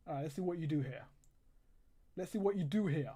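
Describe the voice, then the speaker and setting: An exasperated livestream host talking through a football match in casual live commentary. The delivery is sarcastic and frustrated, often breaking into laughter, with frequent pauses to read out viewer comments. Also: medium pitch, expressive, dark tone, breathy edge. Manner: reads viewer comments aloud.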